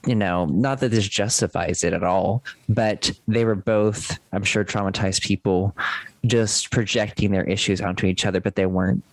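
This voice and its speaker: A man's voice: fairly low pitch, steady tone, moderate pace, vocal fry, no echo. A man hosting a podcast, speaking in an affirming, supportive and reflective way with his guest. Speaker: podcast host. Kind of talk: empathetic interview conversation.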